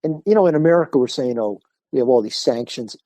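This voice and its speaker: An older man, a martial arts instructor, telling lively stories in a podcast interview and acting out the people he quotes. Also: mid-range voice, fast, no echo. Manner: animated storyteller acting out quoted voices.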